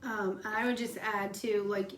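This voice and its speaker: A woman's voice: medium pitch, steady tone, normal speed, roomy sound, a little hiss or hum, poor audio. A woman co-hosting a casual chat, giving earnest advice in loose, rambling phrases. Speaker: co-host.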